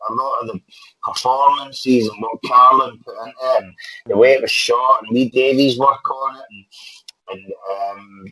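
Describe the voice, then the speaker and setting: Animated Scottish man, repeats himself. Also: medium pitch, normal speed, husky, poor audio. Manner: animated, repeats phrases, swears, ends lines with "man". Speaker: actor guest. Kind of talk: casual podcast interview.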